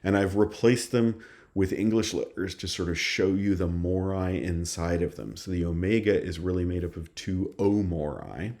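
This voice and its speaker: A man with a very low voice gives a recorded lesson. He explains each point patiently, one step at a time. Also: moderate pace, darkish tone. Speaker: teacher. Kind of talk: recorded lecture.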